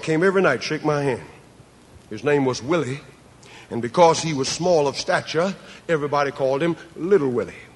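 Gravelly preacher in an echoey hall. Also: male voice, on the high side. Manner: dramatic preacher, swings from soft to shouting. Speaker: pastor. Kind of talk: evangelistic sermon. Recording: echoey hall cassette recording.

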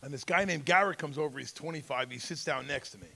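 Quick-paced and a little high, the middle-aged man's voice sounds gravelly and sharp. At a school drug seminar he tells his life story with emphatic intensity, performing the voices of the people in it.

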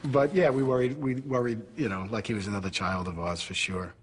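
A man's voice: fairly low pitch, steady tone, a little fast, breathy edge. A man reflecting fondly on a fighter in an interview. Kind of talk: interview recollection. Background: music.

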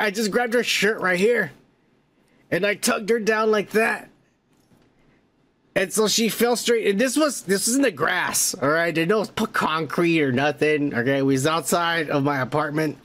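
High-voiced profane podcast host. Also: male voice, a bit bright. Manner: loose, swearing, laughing often. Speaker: podcast host reading comments. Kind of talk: casual profane storytelling.

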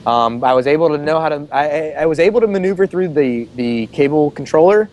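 A man's voice: a little high, brisk, darkish tone, highs cut off, slight background noise. A man co-hosting a podcast, recalling a childhood memory with casual restarts. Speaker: podcast co-host. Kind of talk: casual storytelling over a call.

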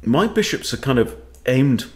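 A man's voice: mid-range voice, sing-song, normal speed, a little mellow. A man who coaches chess, thinking aloud as he plays and talking to himself with wry asides. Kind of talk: thinking-aloud game commentary.

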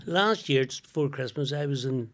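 A man's voice: mid-range voice, lively intonation, unhurried. An older man, a guest comedian chatting casually, laughing often and swearing freely. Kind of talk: casual chat.

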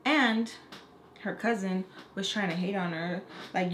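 A woman's voice: medium pitch, unhurried, a bit bright, slight background noise. A young woman makeup artist telling a casual storytime, chatty and profane, acting out the people she quotes. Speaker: makeup artist and beauty vlogger. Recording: echoey room.

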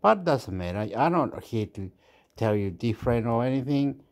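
A man's voice: medium pitch, lively intonation, moderate pace. A man rambling and swearing in a casual monologue, dropping into now and then. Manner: swearing, rambling, mixes English and Spanish.

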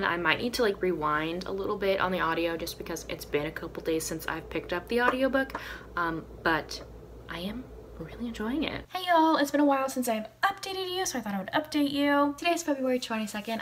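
A woman's voice: medium pitch, a little hiss or hum. A woman in her early twenties from the southern US with a light urban Southern accent, chatting casually as a book vlogger, giggling often and filling her talk with "like" and "you know". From southern United States. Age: early 20s. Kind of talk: casual chat.

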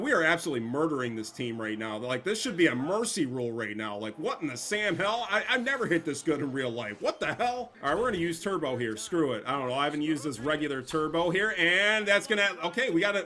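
Young male gaming streamer, high lively voice, bright and sharp, profane hype commentary. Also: quick pace, hardly any pauses. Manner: excitable, profane trash talk. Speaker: gameplay streamer.

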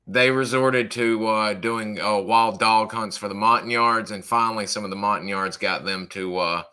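Male interviewer, lowish pitch, tense bright tone, halting delivery. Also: steady tone, clear, resonant tone. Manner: halting, many restarts and fillers. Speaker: podcast host.

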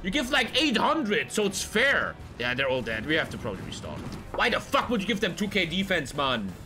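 A man giving casual, excitable gameplay commentary while he plays, swearing often and swinging between loud outbursts and low mutters. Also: fairly quick, noisy background. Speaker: gaming streamer.

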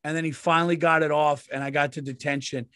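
A man's voice: on the high side, fairly even intonation, fast, fairly bright tone, no echo, studio quality. A man in his forties telling rambling, profane stories as a comedian co-host in casual podcast chat. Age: 40s.

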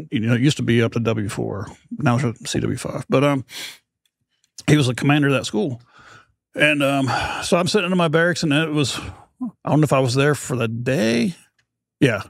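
Here a gravelly, medium-pitched voice comes through a dry, clean studio recording. The speaker, a middle-aged podcast host from the United States, is being interviewed and wanders through a self-mocking anecdote, performing the voices of the people in it.

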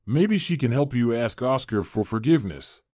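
A man's voice: mid-range voice, expressive, normal speed, darkish tone, no room sound, studio quality, close to an everyday voice. Man reading a tearful older mother's advice. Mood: coaxing.

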